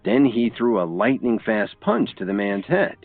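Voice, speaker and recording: A man with a very low voice narrates a scripted story with a lively, expressive lilt. The audio is thin and phone-like, bone-dry, with faint music playing underneath. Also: unhurried, no echo.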